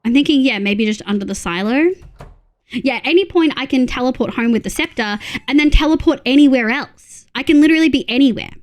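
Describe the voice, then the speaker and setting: Excitable young woman streamer, gasping. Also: high voice. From Australia. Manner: excitable, gasps and counts items aloud. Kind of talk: casual gameplay chat.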